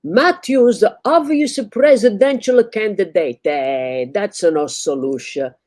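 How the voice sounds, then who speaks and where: A loud, emphatic Italian barber in broken English, as a woman puts him on. The voice sits high and the sound is dry and close. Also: completely flat delivery, fairly quick, no room sound, natural voice. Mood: scoffing. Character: loud middle-aged male Italian barber.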